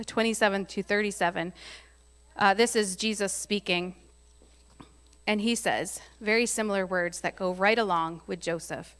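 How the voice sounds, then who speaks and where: A woman's voice: medium pitch, fairly bright tone, smooth. A woman preaching a casual, conversational sermon, often laughing and reading scripture aloud.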